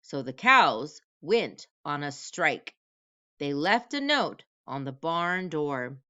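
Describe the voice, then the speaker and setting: A woman's voice: sits low, very animated, slow pace, bright, forceful tone, clear, resonant tone, dry recording, lo-fi sound. A woman teacher reading a picture book aloud at home, telling the story expressively and stopping for comprehension questions.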